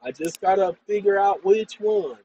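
A tired man rambling through a casual computer tutorial, often addressing "ladies and gentlemen". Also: high voice, moderate pace, lo-fi sound, slight background noise. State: tired after a long day. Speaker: channel host. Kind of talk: casual screen-share tutorial and monologue.

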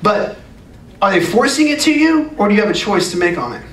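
Earnest high-voiced male youth pastor. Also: very animated, brisk, a bit bright. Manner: earnest, emphatic, repeats phrases. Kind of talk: sermon. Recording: echoey room, distant mic, faint noise.

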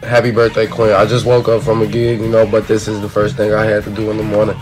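A musician with a lowish, fairly flat voice talks in a laid-back way, thanking someone and wishing them a happy birthday. Faint music sits behind him. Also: male voice, fast, rough recording. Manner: relaxed, grateful, frequent you know. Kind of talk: recorded birthday message.

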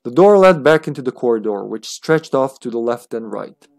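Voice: medium pitch, expressive, moderate pace, creaky, a little mellow. A streamer reading a text adventure aloud on a live stream, laid-back and casual, with the odd swear.

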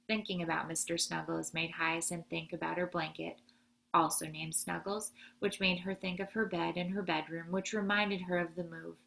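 Gravelly woman reading a children's novel. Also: fairly low pitch, moderate pace. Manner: expressive, occasional slips. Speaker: educator reading aloud.

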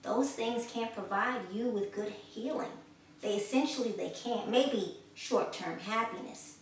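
A woman with a highish voice preaches earnestly at an unhurried pace, repeating phrases for emphasis and growing louder when she exhorts. She is recorded from a distance in an echoey room with slight background noise.

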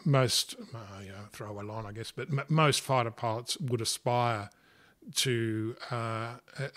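Older Aussie ex-fighter pilot, mid-range voice, rambling and self-correcting, easy laugh. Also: male voice, medium pitch. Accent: Australian. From Australia. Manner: halting, many fillers and restarts, laughs often. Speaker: retired air force fighter pilot, guest. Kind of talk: casual interview storytelling.

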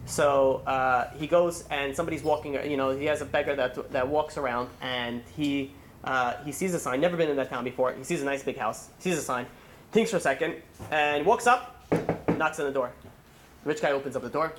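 Male rabbi, rapid speech, casual sermon, storytelling, acts out quotes. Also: on the high side, a little hiss or hum. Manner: casual storytelling, acting out characters' lines. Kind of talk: holiday sermon with stories.

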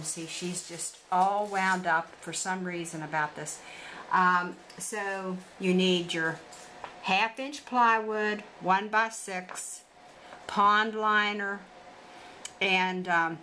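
Slow, halting woman explaining a build. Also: mid-range voice, sharp tone, a little hiss or hum, rough recording. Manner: hesitant, halting with many pauses. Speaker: turtle keeper. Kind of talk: casual home video explaining a build. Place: at home beside a turtle enclosure. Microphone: handheld camcorder mic.

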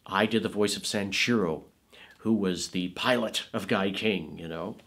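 Rambling middle-aged man, lowish voice. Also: unhurried, fairly bright tone. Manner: rambling, many fillers and restarts. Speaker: film producer and voice actor, interview guest. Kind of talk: conversational interview storytelling.

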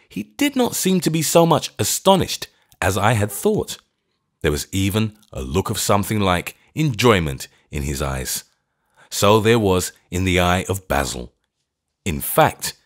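A man narrating a classic thriller audiobook in a measured storytelling voice. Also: lowish voice. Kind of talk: scripted narration.

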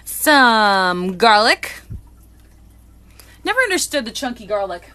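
A woman hosting a live unboxing, chatting excitedly and greeting viewers by name. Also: on the high side, slow pace, slight background noise. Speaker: live-stream host.

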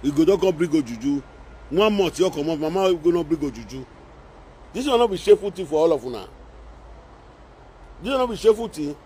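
A man's voice: on the high side, expressive, fairly quick, pauses often, warm tone, a little hiss or hum. A man speaking Nigerian Pidgin English, scolding and mocking in a repetitive social media rant. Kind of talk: scolding live-video rant.

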